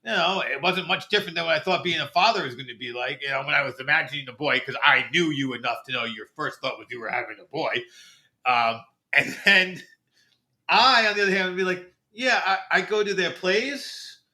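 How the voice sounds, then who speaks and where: A man's voice: a little high, expressive, fairly quick, sharp tone. A middle-aged man co-hosting a podcast, talking in a thoughtful, reflective way in casual chat. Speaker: podcast co-host.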